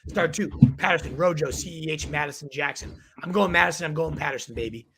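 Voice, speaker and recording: Young male host, rapid-fire calls, bright husky voice with gravelly fry, going hoarse. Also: fairly high pitch. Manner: energetic, quick verdicts. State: losing his voice. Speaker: fantasy football show host. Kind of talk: rapid-fire live advice show.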